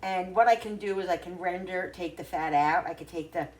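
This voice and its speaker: A chatty woman rambles to her viewers while she cooks, thinking out loud between tasks. Her voice sits a little low. Clear kitchen noise carries behind her. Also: fairly quick. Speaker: cooking vlogger. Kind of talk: casual cooking vlog chat. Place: home kitchen.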